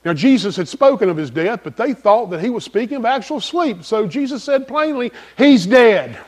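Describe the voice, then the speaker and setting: A male pastor preaching a sermon in an emphatic, folksy manner, repeating key phrases and swinging from loud to soft. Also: very high-pitched, animated, fairly quick.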